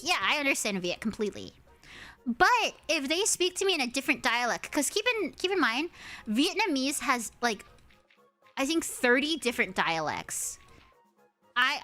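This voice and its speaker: A young American woman chats casually with her stream viewers and tells stories in an animated way, peppered with swearing and acted-out quotes. Her voice is high and smooth, and it swoops widely. Soft music plays faintly behind her. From United States. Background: faint background music.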